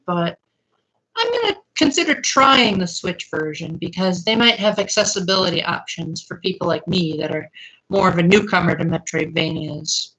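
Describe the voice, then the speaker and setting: A woman's voice: mid-range voice, pushed and bright, rough recording. Chatty young woman streamer. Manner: chatty, reads and answers viewer comments. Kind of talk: casual live-stream chat.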